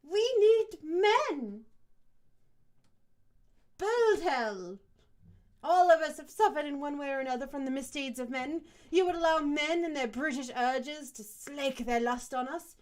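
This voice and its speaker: A woman voicing an indignant young Viking woman, slow, loud and quavering. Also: sits high, lively intonation, pitched above the performer's own voice.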